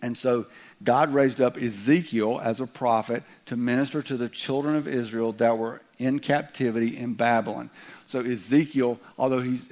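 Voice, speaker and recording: A pastor with a Southern drawl preaches in a church, his voice sitting at an ordinary middle pitch for a man. He talks in a folksy, joking way, picking up speed when he reads scripture aloud. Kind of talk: sermon. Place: church sanctuary.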